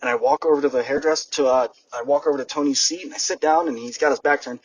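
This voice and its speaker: A young man hosting a podcast and giving a lively motivational monologue, speaking straight to his listeners. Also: mid-range voice, fast, slightly rough, no room sound. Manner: energetic, addresses listeners directly. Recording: distant mic with background noise, poor audio.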